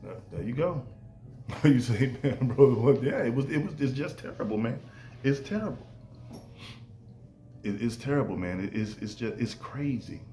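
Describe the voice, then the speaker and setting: A man talks through a casual podcast monologue, lively and animated, leaping into higher voices when he quotes people. His middle-pitched voice sounds roomy and echoey, with a faint hum of ambience behind it. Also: normal speed, pauses often. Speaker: podcast host.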